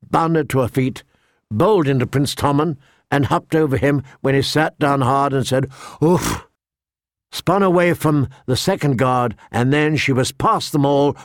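A man reading a fantasy novel aloud as narrator, steady and shifting pace with the action. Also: mid-range voice, dry recording, clean studio sound. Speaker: audiobook narrator. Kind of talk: scripted narration.

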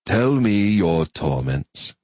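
A man voicing an elderly male coin-operated machine priest who intones slowly, as if there were no rush. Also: low voice, sing-song, a little mellow, no room sound, full character voice. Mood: compassionate. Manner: slow, unhurried intoning.

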